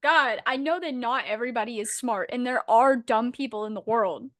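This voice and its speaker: A woman's voice: a little high, moderate pace, dry recording. Blunt, swearing young woman ranting. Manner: blunt, profane, animated ranting. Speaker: podcast co-host. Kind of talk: casual chat.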